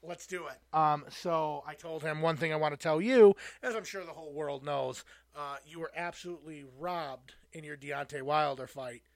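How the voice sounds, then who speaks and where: A man's voice: fairly high pitch, moderate pace, creaky, few pauses, dry recording. A man co-hosting a podcast, telling a rambling anecdote in casual chat. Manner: rambling anecdote with fillers and laughs. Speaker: podcast co-host.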